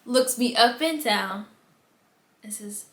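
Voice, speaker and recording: A woman's voice: a little high, slow. A woman from the United States telling embarrassing stories in a casual storytime vlog, acting out her own reactions with big swings in voice. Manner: animated storytelling with dramatic replayed reactions. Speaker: vlogger. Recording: echoey room.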